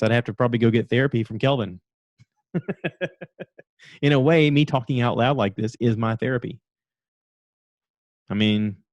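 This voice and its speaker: A man's voice: medium pitch, a little mellow, no room sound, dull audio. A man hosting a podcast, chatting on his own and telling a rambling story. He acts out the lines of the people in it and laughs at himself. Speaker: podcast host. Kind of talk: casual solo podcast monologue.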